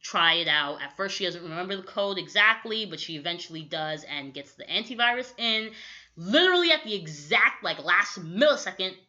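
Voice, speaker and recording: A young woman co-hosting a podcast, recapping a movie in casual chat and acting out quick quotes, with lots of "like". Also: fairly low pitch. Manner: animated storytelling with quick acted-out quotes, lots of "like". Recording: dull lo-fi audio.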